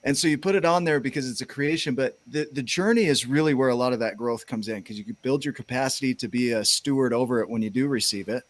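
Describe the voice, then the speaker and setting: A man's voice: medium pitch, quick pace, few pauses, no room sound. A man hosting a talk show, reflecting thoughtfully aloud in casual conversation. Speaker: show host. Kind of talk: casual interview chat.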